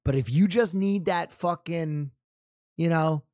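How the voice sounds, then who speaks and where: A man's voice: fairly high pitch, measured pace, a little mellow, dry recording, studio quality. A young man from New Jersey reacting to a show in casual chat, loose and profane, laughing and rambling.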